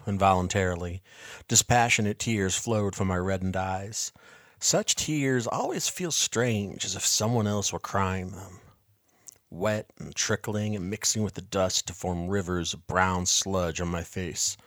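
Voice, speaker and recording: A man reading a first-person story aloud in a measured, quiet, reflective way. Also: low voice, no echo, clean studio sound. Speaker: narrator.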